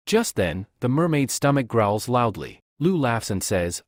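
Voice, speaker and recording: A man narrating a comic story recap in steady storytelling. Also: mid-range voice, normal speed, hardly any pauses, dry recording, clean studio sound.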